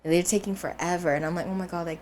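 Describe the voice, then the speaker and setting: A woman's voice: lowish voice, rapid-fire. A young woman co-hosting a podcast, telling a dream story in casual chat and acting out the voices of the people in it. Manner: animated storyteller, acts out voices, laughs often. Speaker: podcast co-host.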